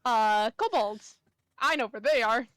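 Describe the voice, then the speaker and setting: A woman chatting casually with a friend about a fantasy world, teasing her with deadpan jokes. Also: on the high side, unhurried, no echo.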